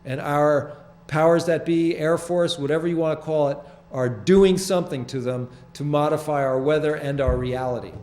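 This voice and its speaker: An older man hosting a small public-access TV show, explaining his photographs in halting, rambling, earnest talk from the studio. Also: on the high side, darkish tone. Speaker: show host presenting his sky photographs.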